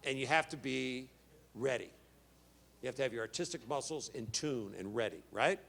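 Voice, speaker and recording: A man of middle pitch tells a story to a fan-convention crowd in an easy, conversational way. He drops into a brighter, higher voice to act out the lines of the people in his story, then settles back into plain talk. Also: normal speed, vocal fry. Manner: lively storyteller, acts out dialogue with rising pitch; casual, chatty, mild swearing. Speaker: guest actor at a fan convention panel. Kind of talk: stage anecdote to an audience. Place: convention stage.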